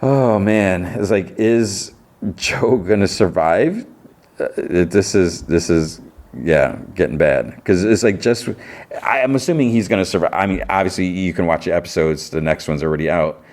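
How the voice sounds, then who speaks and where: A man with a very low voice, talking through an episode recap in a loose, conversational way. He rambles and often stops to restart a thought. He keeps quoting the characters with a casual "he's like". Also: expressive, moderate pace, a little mellow. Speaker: podcast host.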